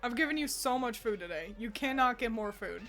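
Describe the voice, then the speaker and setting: A young woman with a slightly high voice talks casually and playfully while she streams from home, swearing freely and chatting to her cat. She speaks into a desk microphone, and faint game music plays underneath. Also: lively intonation, brisk, a bit bright. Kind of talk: casual gaming commentary.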